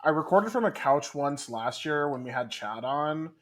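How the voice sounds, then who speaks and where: A man's voice: on the high side, animated, moderate pace, a bit bright. A man co-hosting a casual book club podcast over a call from his studio apartment, joking in a dry way. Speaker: podcast co-host. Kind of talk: casual chat. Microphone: recorded remotely over a call.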